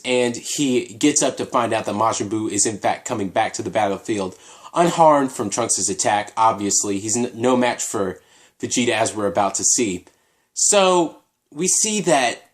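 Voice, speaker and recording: A man reviewing an anime episode in a casual, halting way, often restarting his sentences. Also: medium pitch.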